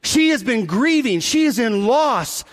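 A man preaching a sermon, telling the story with animated delivery and dropping to a hush for emphasis. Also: very high voice, unhurried. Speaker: pastor. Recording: long hall reverb.

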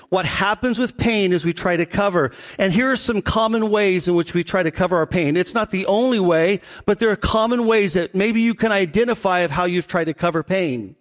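A middle-aged man, a pastor, preaching a conversational sermon and slowing down on key points. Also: sits high. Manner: conversational preaching, slows for emphasis.

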